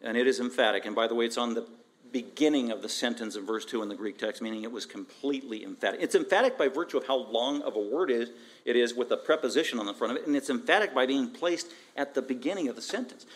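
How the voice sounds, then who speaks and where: A man preaching an expository sermon as pastor, emphatic and animated, repeating phrases and asking rhetorical questions. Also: medium pitch, quick pace. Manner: emphatic, animated, with frequent repetition.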